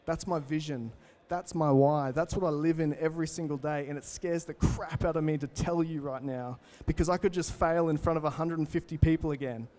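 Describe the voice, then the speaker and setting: A young Australian man in his twenties gives an energetic motivational keynote talk, telling stories and addressing the audience directly. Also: on the high side, brisk, hardly any pauses. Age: 20s. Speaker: keynote speaker.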